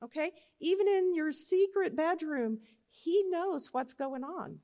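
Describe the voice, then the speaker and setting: A woman giving a chapel talk, telling a Bible story with animated voices and often checking in with her listeners. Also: extremely high pitch, measured pace. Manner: animated, acts out characters in the story. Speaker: chapel speaker.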